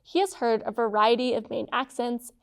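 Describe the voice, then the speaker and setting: A woman hosting and narrating a scripted explainer, with a clear, measured delivery. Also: fairly high pitch, steady tone. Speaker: host.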